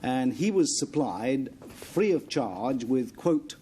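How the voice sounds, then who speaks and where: A man on a game-show panel giving a definition in a measured, matter-of-fact way. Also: mid-range voice, lively intonation, dark tone, a little hiss or hum.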